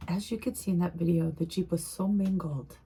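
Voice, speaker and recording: A middle-aged woman vlogger recounting a personal experience in a halting, emotional way, often repeating her phrases. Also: fairly low pitch, fairly even intonation, gravelly, dark tone, breathy edge.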